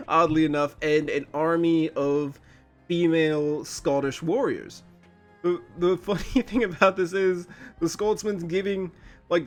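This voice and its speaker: A man hosting a casual episode reaction review, chatty and quick with frequent laughs. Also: a little high. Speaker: channel host.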